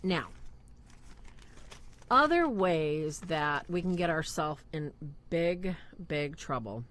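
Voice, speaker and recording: A woman's voice: sits low, lively intonation, slow pace, a bit bright. A middle-aged woman co-hosting a live faith talk show, speaking emphatically and asking rhetorical questions. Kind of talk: live-stream religious talk.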